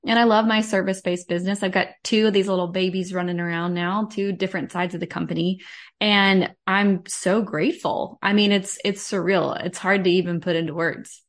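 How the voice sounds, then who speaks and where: A woman business owner talks as a podcast guest. Her voice is on the low side, and she speaks earnestly and warmly from the heart in casual conversation. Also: fairly even intonation, brisk.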